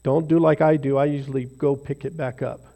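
A man's voice: medium pitch, steady tone, fairly quick, creaky, mellow. A man leading an informal devotional talk for a small group in a rambling, self-deprecating, conversational way. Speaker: lay speaker leading a devotional.

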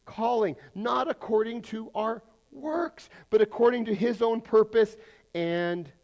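High-pitched preaching man. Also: a little slow, gravelly, a little mellow. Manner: emphatic preaching, rhetorical questions to the congregation. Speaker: pastor. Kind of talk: sermon.

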